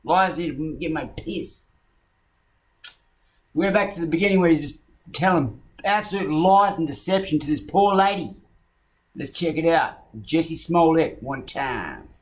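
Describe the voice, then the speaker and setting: 一位带澳大利亚口音的男子在做反应视频评论，语气愤怒，满口粗话，不断嘲讽。. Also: male voice, on the high side, animated, measured pace. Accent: Australian. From Australia. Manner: angry, profane and mocking. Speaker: video commentator reacting to a clip. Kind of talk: ranting reaction commentary.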